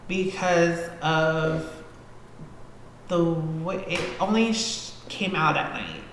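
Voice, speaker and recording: A woman guest on a podcast telling a story casually, animated and swearing freely as she acts out scenes. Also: sits low, slow. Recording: echoey hall-like room with faint noise.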